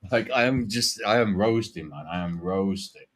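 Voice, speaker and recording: A man in his forties, raised in Yorkshire, talks in a fairly low voice with only a faint Yorkshire accent left. He rambles and swears casually, laughing easily as he chats on a fan stream. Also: moderate pace. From Yorkshire, England. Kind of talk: casual chat.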